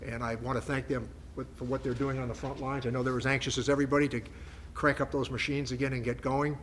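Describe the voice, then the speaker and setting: An older man delivering press conference remarks in a measured, emphatic way, often pausing with fillers and restarting his sentences. His voice sits at an ordinary middle pitch. A faint hum of background noise runs under his words on the factory floor. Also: level tone. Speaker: congressman.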